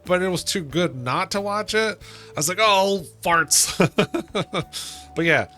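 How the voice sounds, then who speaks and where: A man's voice: sits high, expressive, slow pace, sharp tone. A man streaming a video game, rambling casually with restarts and hummed filler. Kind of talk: casual gameplay commentary. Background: game music.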